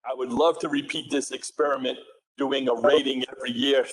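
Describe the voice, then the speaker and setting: A man's voice: mid-range voice, fairly even intonation, a little fast, breathy edge, rough recording. Man with a New England accent presenting. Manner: conversational, self-correcting, asks the audience questions. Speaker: conference presenter. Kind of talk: technical conference presentation.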